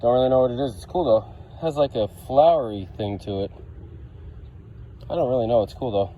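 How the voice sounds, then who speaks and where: A man's voice: medium pitch, brisk, narrow, tinny audio, a little hiss or hum. A man from New York vlogging while metal detecting outdoors in a grassy yard. He chats casually to the camera, thinks aloud about each find and keeps calling his viewers guys.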